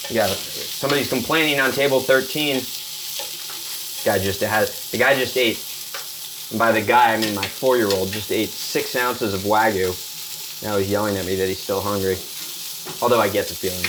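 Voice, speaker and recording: A chatty, jokey chef host runs a casual cooking demo in a home kitchen, his fairly low voice keeping a fairly even intonation at a moderate pace. The background is noisy, with a loud sizzling, frying pan right behind him.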